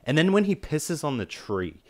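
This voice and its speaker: A man's voice: a little high, big pitch swings, normal speed. A man co-hosting a casual film discussion podcast, rambling with lots of fillers and briefly acting out what characters say. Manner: rambling, filler-heavy, acts out quoted characters. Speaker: podcast co-host.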